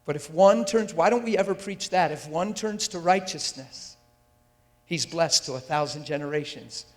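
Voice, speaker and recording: At normal speed and fairly high pitch, a man delivers a sermon through a handheld or stand mic in a large church hall. He's intense and emphatic, regularly asking the crowd whether they follow him, with long reverb from the room.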